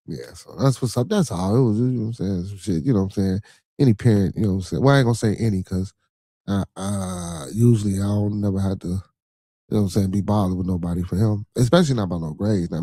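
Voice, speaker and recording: A man's voice: fairly low pitch, mellow, dry recording. A middle-aged man with a Chicago accent hosting a livestream podcast, talking loosely and profanely and tagging nearly every thought with a question to the listener. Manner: loose and profane, constant "you feel me". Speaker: podcast host. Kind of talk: casual livestream monologue.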